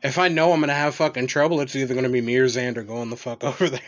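A young man trades crude, dark jokes in loose podcast banter, swearing as he goes. His pitch sits right in the middle, and the recording sounds dull and lo-fi. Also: flat delivery, racing. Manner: profane, joking storyteller with dark humor. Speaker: podcast co-host. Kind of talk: explicit casual chat.

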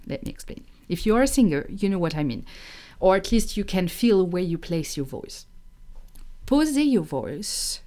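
With a lowish voice and a French accent, this young Frenchwoman, a native speaker who teaches French, delivers a lively, emphatic pronunciation lesson online.

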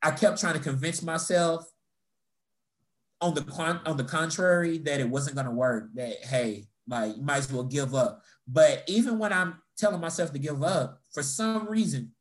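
A man's voice: on the high side, moderate pace. A young man casually telling personal stories in conversation, swearing freely and acting out the people he quotes. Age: young adult. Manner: animated storytelling, swearing, acting out quoted voices. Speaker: storyteller in a conversation. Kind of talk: casual chat.

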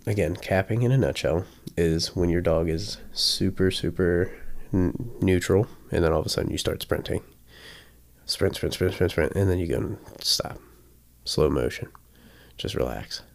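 Deep, gravelly man explaining dog training. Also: a little mellow. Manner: chatty, often checks in with "right?"; acts out examples with sudden bursts. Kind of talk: casual teaching talk.

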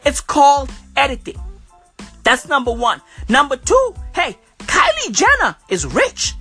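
A woman's voice: sits high, wildly swooping pitch, a little slow, sharp tone, faint music behind. A woman giving a profane, slang-filled comedic rant, punctuating her points emphatically. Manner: profane, slangy, emphatic, keeps asking "okay?". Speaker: comedic commentator.

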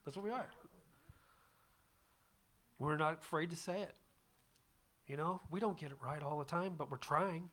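A man's voice: fairly high pitch, normal speed, long pauses, a bit bright. Chatty man preaching a casual sermon. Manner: chatty, self-deprecating, checks in with the congregation. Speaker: pastor.

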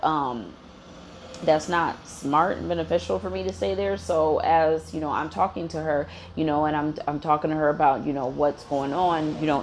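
Low-voiced woman ranting casually. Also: darkish tone. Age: adult with a daughter. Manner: blunt, swears freely, heavy fillers. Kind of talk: casual storytime rant.

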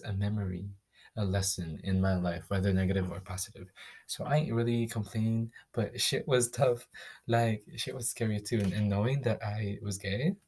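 A man's voice: lowish voice, darkish tone, slightly rough. Candid, profane young man from the Philippines. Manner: casual, profane, candid, with quick restarts. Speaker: podcast host. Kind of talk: personal storytelling podcast.

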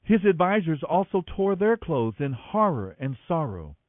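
A man reading a Bible story aloud as scripted narration, with an expressive storytelling manner, over a tinny radio line. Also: fairly high pitch, moderate pace, no echo. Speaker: Bible reader on a radio program.

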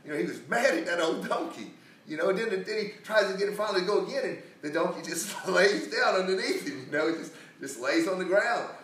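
In an echoey room, picked up from afar, a male preacher recounts a Bible story casually, acting out quotes and restarting as he goes. His voice is high, fairly bright and expressive, moving a little fast, with slight background noise.

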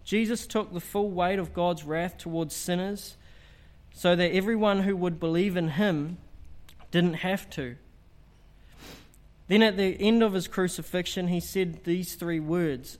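Male preacher, slightly raised pitch, earnest and emphatic delivery, sermon. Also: a little slow. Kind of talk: evangelistic sermon.

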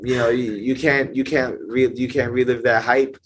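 A man's voice: medium pitch, little pitch movement, a little hiss or hum. A man guesting on a podcast as a gym owner and coach, chatting with enthusiasm, often restarting his sentences and laughing as he talks. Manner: enthusiastic, halting restarts, laughs while talking. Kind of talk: casual chat.

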